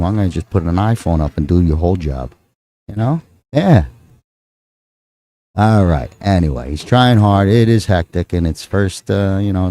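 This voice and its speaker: Low, mellow-voiced male pool commentator. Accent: Texan. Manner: rambling, joking with his co-host. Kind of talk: live play-by-play commentary.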